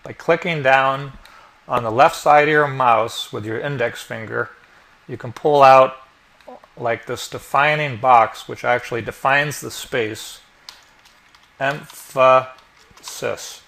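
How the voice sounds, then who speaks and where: A man narrating a software tutorial step by step as the instructor, explaining each click as he goes. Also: mid-range voice, unhurried. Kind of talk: screen-recorded tutorial narration.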